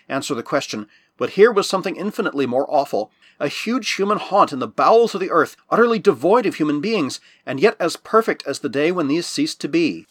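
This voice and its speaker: Husky man narrating with lively pitch. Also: no echo. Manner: measured storytelling with lively rises and falls. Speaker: audiobook narrator. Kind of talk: scripted narration of a novel.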